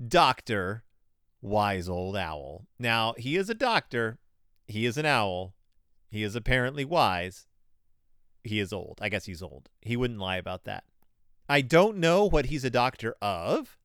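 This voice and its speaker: A man's voice: fairly high pitch, fairly bright tone, clear, resonant tone, no echo, studio quality. A male podcast host giving casual comedic commentary on children's books, sarcastic and rambling with many asides.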